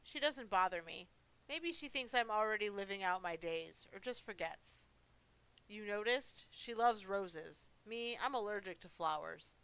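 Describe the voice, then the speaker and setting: A woman's voice: medium pitch, expressive, a little slow, a bit bright, smooth, rough recording. Woman voicing Svoznik, a chatty old monster. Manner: rambling, self-mocking, talks to himself. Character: chatty forgetful old male monster, lonely.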